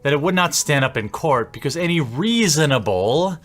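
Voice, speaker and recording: A man speaking a monologue to camera, laying out his argument in a measured way with rising endings. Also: fairly high pitch, animated, fairly bright tone, soft background music. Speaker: commentator in a played video.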